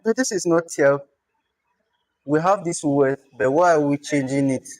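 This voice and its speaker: A man teaches a language lesson, his voice sitting a bit high for a man. He explains patiently and goes over words one by one, repeating them. The sound is dry and close. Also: a little slow, a little mellow, no echo. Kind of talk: classroom lesson.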